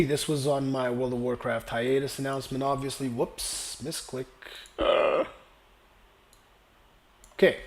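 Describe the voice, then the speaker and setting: A man's voice: medium pitch, a little slow, pauses often. A young man hosting a gaming channel, casually reading viewer comments aloud and answering them while his voice is wearing out from a dry throat. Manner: casual, rambling, reads comments aloud then responds.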